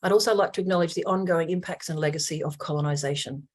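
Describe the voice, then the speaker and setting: Low-voiced Australian woman hosting a webinar. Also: quick pace, a little mellow. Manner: earnest, many ums and uhs. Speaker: webinar host. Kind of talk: formal webinar introduction.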